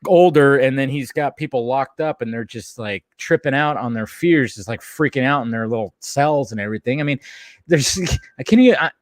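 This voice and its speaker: A man hosting a podcast in casual chat, animated and laughing often as he talks. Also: mid-range voice, brisk, dry recording, clean studio sound. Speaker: podcast host.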